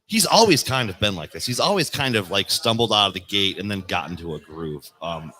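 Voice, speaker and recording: A man guesting as a sports reporter on a live radio show from a bar, talking in a lively way. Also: lowish voice, brisk. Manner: lively, expressive delivery. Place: bar, live remote broadcast.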